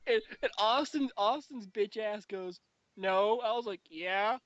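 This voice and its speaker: High-voiced young man telling rowdy stories. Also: moderate pace, no room sound, lo-fi sound. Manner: profane, animated storytelling. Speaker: podcast host. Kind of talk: casual chat.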